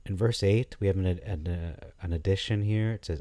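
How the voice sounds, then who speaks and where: Man, low warm voice, casual study-style commentary, halting delivery. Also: dry recording. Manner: thinking aloud, halting with frequent fillers and restarts. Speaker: scripture commentator.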